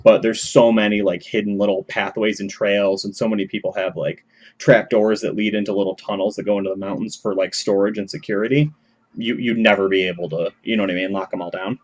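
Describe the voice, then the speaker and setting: A man's voice: fairly low pitch, steady tone, a little fast. A man narrating a tabletop game as game master, talking loosely with many fillers. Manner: rambling, many fillers and restarts.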